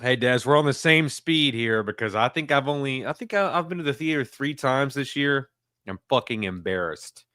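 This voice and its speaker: Lively jokey man on a dry mic. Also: medium pitch, clear, resonant tone, dry recording. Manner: jokey, swears, quick to apologize. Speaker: co-host of a live Q&A stream. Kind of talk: casual live stream chat.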